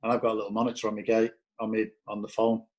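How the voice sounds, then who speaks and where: A man's voice: fairly low pitch, monotone, very fast, a little mellow, low-quality recording. A man, a former footballer appearing as a guest, telling stories in a blunt, profane way and acting out quoted dialogue. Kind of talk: casual anecdotal storytelling.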